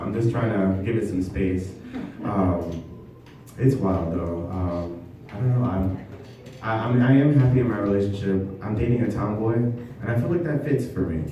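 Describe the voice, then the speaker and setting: A man doing a stand-up comedy set in a basement venue, talking in a halting, self-deprecating way with many ums. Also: fairly low pitch, noisy background. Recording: echoey basement room, mic from far off.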